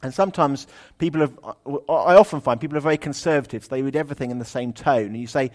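Chatty preacher giving a sermon. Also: male voice, medium pitch, fast talker, hardly any pauses. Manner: chatty, humorous, animated when reading aloud.

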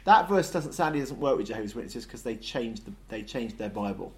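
A man leading an interactive Bible study, lively and jokey, asking the group questions. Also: medium pitch, a little fast.

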